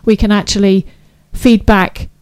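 A woman's voice: mid-range voice, level tone, measured pace, darkish tone, clear, resonant tone, no echo, poor audio. A woman hosting a live internet radio show, chatting in a bubbly, gushing way and laughing often. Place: small radio studio.

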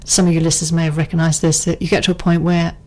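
Chatty middle-aged woman, lower voice. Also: little pitch movement, racing, dark tone, rough recording. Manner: chatty, rambling, lots of ums and asides. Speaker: guest. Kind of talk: casual chat.

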